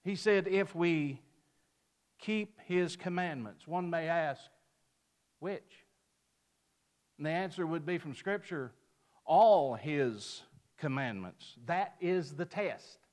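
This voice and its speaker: A man's voice: fairly high pitch, lively intonation, takes it slowly, long pauses, darkish tone. A man giving an emphatic sermon-style Bible lesson, lifting his voice on quoted verses and dropping it at the ends of phrases. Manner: mimics a picky customer in a folksy aside. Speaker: preacher.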